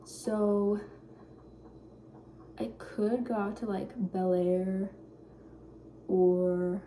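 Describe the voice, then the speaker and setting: A young woman in her twenties talks softly in her home kitchen. Her voice is mellow and warm. She rambles shyly, full of little fillers, with a faint hum in the background. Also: mid-range voice, fairly even intonation, very slow. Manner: quiet, shy, rambling with many fillers. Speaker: vlogger. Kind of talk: casual cooking vlog chat.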